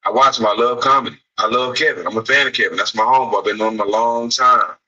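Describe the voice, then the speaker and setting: Male host, bright tense tone with husky edge, mic set back; earnest, emphatic commentary. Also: mid-range voice, fairly even intonation, quick pace, distant mic, lo-fi sound. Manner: earnest, emphatic, repeats himself. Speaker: podcast host. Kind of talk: casual commentary.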